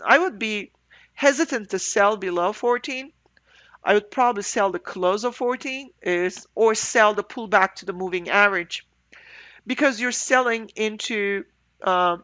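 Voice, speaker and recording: A congested woman breathing through her mouth gives an end-of-day market review as a trader, thinking aloud in halting phrases with fillers. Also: mid-range voice, pushed and bright, dry recording, dull audio.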